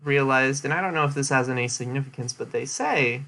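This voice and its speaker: A young man talking through a presentation he gave in a loose, casual way. His pitch sits in an ordinary middle range, and his explanations wander, full of "um" and "like" and restarts. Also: fairly quick, sharp tone. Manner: rambling with many fillers and restarts. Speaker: streamer giving a presentation recap. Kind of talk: casual chat.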